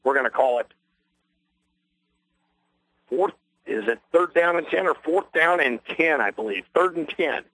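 A man doing play-by-play for a local radio broadcast of a ball game, folksy and rambling, quickening on big plays, with a voice worn from a long night. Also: on the high side, lively intonation, a bit bright, poor audio. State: losing his voice. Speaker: play-by-play announcer. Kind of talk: local radio sports commentary.

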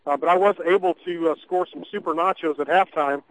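A man doing play-by-play commentary of a high school football game for local radio, chatty and folksy, with frequent fillers and restarts. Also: steady tone, brisk, slight background noise, rough recording. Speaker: play-by-play announcer.

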